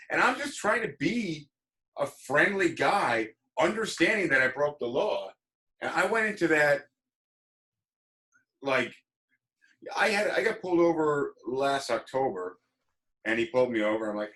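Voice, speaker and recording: A bright, forward-sounding man hosts a relaxed livestream talk. He tells his stories with animated energy and acts out the voices of the people he quotes. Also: fairly high pitch, measured pace, pauses often. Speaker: podcast host. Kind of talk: casual livestream chat.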